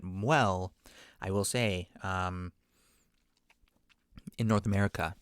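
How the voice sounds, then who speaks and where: Low-voiced man from South Africa, chatting. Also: steady tone, takes it slowly, long pauses, fairly bright tone, clear, resonant tone, no room sound, clean studio sound. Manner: conversational, mildly profane, talks to the listener. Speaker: podcast guest storyteller. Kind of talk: casual monologue.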